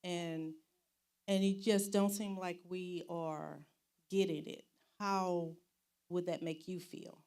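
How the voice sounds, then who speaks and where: A woman from the congregation asking the pastor a question, halting and searching for her words. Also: lowish voice, fairly even intonation, darkish tone, clear, resonant tone. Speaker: church member. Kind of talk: asking a question in a Bible study.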